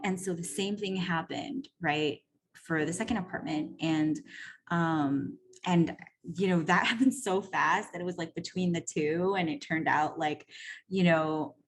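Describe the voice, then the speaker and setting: A woman coach talks straight to her listeners in a loose, swearing monologue. Her voice sits a little low, and she fills her sentences with "like" and "right?" as she acts out what people said. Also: unhurried, slight background noise. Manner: chatty and profane, full of "like" and "right?"; animated, acts out quoted voices. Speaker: personal growth coach. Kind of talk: casual storytelling monologue.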